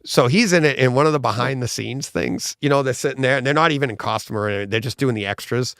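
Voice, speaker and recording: Male co-host, gravelly voice, rambling and enthusiastic, dry close sound. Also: medium pitch, quick pace, a bit bright, no echo. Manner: rambling, enthusiastic retelling with many restarts. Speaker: podcast co-host. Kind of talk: casual livestream chat.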